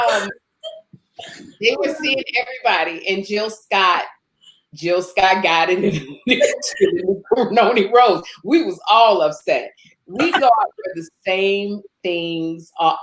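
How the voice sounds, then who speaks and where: Animated chatty woman, echoey room. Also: slow. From Chicago. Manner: animated, laughs often, acts out quotes in higher voice. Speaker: guest. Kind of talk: casual storytelling chat. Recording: roomy echo.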